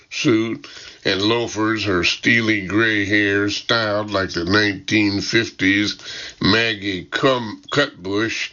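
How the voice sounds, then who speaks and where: Man, audiobook narrator, first-person, slow, bright and crisp, lowish voice, dull lo-fi recording.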